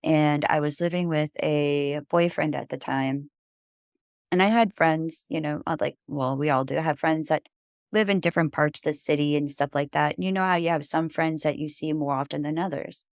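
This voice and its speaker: A woman's voice: low-pitched, steady tone, moderate pace, no room sound, studio quality. A woman guest on a podcast, telling a personal story in a rambling, casual way, full of "like" and "you know.".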